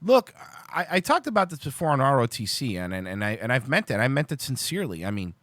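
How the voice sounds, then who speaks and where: A man's voice: medium pitch, big pitch swings, quick pace, a bit bright, no room sound. A man hosting a livestream, ranting angrily about politics, exasperated and full of restarts. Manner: heated, exasperated, lots of restarts. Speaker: show host.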